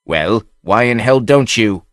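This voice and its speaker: A man voicing a hot-tempered buccaneer who speaks slowly with a growl, in an audiobook reading. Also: lowish voice, a bit bright, no room sound, studio quality. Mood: snarling. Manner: slow, growling. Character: snarling, hot-tempered male buccaneer leader.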